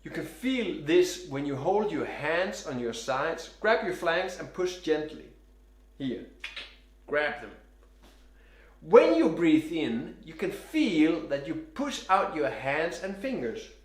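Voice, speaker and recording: Male sax teacher, fairly high voice with a lot of lift and fall, calm step-by-step coaching in a roomy space. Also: slow. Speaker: saxophone teacher. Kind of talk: instructional demonstration. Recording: roomy echo.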